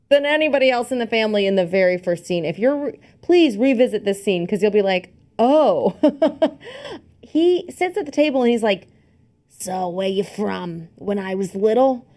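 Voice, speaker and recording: A young woman co-hosting a podcast chats casually and animatedly about a film at a moderate pace, her voice fairly high. She's chatty and acts out the lines she quotes.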